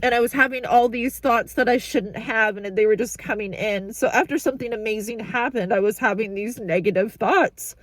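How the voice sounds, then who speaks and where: A tearful woman speaks into a phone she holds in her hand, her voice sitting a bit high. She breaks off and restarts her sentences, sounding overwhelmed as she cries. The sound is dry and close. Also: moderate pace, few pauses, dry recording. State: tearful, crying. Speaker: vlogger. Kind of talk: emotional personal update. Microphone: phone held in hand.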